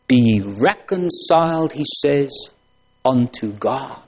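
A male preacher delivering a sermon at an unhurried, deliberate pace. His pitch sits in an ordinary middle range, and his phrases climb into earnest, emphatic pleas. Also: lively intonation, a little mellow, a little hiss or hum. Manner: slow, solemn preaching with rising emphatic pleas.

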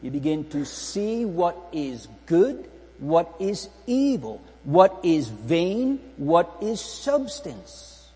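A man's voice: a little high, sing-song, takes it slowly, warm tone. A man preaching a sermon to his congregation, earnest and pleading, asking searching rhetorical questions. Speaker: pastor. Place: church hall. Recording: long church reverb with mains hum.

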